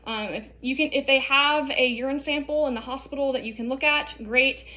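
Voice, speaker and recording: This young nursing instructor speaks briskly in a high, pushed, bright voice during a hands-on demonstration lesson. She explains the nursing assessment casually, with many fillers.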